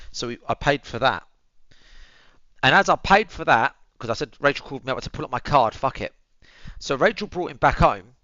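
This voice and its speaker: A man's voice: mid-range voice, sharp tone, no room sound, muffled recording. A young man, telling a story to his viewers in casual chat, swearing freely and calling them boys and bro, muttering asides while he tends his dog. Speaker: streamer.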